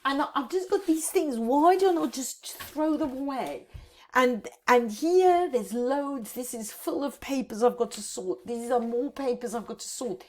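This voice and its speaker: A woman in her fifties talks to camera from her home office, halting and close to tears as she vlogs. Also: high voice, animated. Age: 50s. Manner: halting, repeats words, tearful. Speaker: decluttering vlogger. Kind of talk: emotional vlog to camera.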